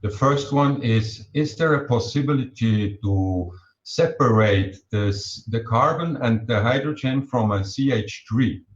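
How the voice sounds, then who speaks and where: A man's voice: mid-range voice, unhurried, roomy sound, muffled recording. A man from Brazil calling in to ask polite, hesitant questions. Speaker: caller asking questions.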